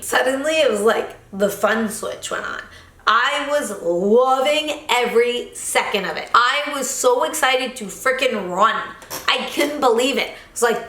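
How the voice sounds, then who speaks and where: A woman vlogger narrating her training day in a candid, animated way. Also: on the high side, echoey room. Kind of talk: reflective vlog narration.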